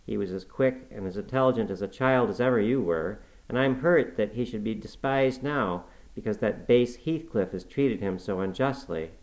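A man reading the part of an earnest middle-aged housekeeper who gently scolds a girl in a measured way. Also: fairly low pitch, close to an everyday voice, low-quality recording. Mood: reproving.

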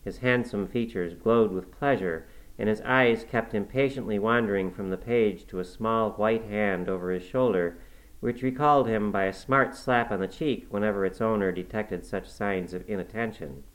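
A man narrating a classic novel in the first person, in a measured, even storytelling manner. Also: lowish voice, poor audio. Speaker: audiobook narrator.

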